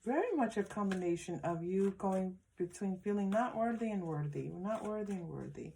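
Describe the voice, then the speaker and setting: Woman doing a tarot reading, soft and encouraging, talks right to you, little bit of hiss behind. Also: medium pitch, animated, moderate pace, creaky. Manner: gentle, affirming, speaks directly to viewers with many restarts. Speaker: tarot reader. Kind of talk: pick-a-card tarot reading.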